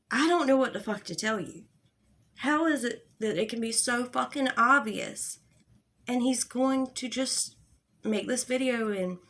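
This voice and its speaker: A young woman with a fairly high voice rants in an exasperated, sarcastic commentary. She swears freely and sounds fed up. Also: fairly bright tone. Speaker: commentary YouTuber. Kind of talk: angry commentary rant.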